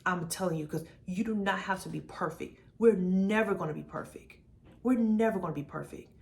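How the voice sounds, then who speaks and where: A woman's voice: lowish voice, a little fast, gravelly. Chatty woman in her forties. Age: 40s. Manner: animated, chatty, calls the viewer baby and girl. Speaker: vlogger sharing her testimony. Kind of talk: casual faith talk to camera.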